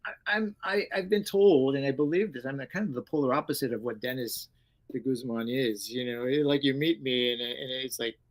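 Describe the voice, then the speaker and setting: A middle-aged man, an actor and karate instructor, telling stories in a casual interview, animated and acting out voices, with many fillers. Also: mid-range voice, fairly quick, rough recording.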